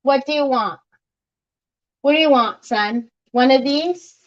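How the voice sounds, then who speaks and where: Hosting a crafting livestream, a high-voiced woman chats at a measured pace while she works, joking about herself and laughing often. The recording sounds muffled.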